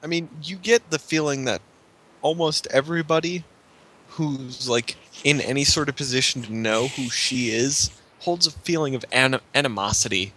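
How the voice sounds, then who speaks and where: A man's voice: mid-range voice, normal speed, pushed and bright, a little hiss or hum. Chatty male game master. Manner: loose, filler-heavy with frequent laughs. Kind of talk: narrating a tabletop game.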